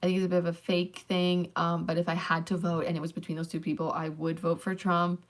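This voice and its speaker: A woman's voice: fairly low pitch, flat delivery, fast talker. A young woman chatting casually on her own channel, rambling with lots of fillers like "um" and "like". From Canada. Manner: rambling, filler-heavy talk with many likes and ums. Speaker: channel host. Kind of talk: casual livestream chat.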